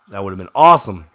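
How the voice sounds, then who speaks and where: Watching as a fan, a young man gives casual live reactions to a game, his voice swinging between low grumbles and excited shouting on the big plays.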